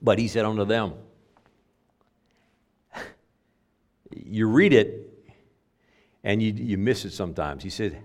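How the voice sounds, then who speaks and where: A man's voice: lowish voice, animated, slow, long pauses. A man preaching a sermon in a conversational way, acting out the people he quotes and sometimes stumbling over his words. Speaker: pastor.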